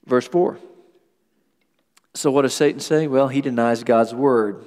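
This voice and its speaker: A man preaching a sermon as pastor, lively and acting out quoted voices. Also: medium pitch, a little slow, big-room sound. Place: church sanctuary.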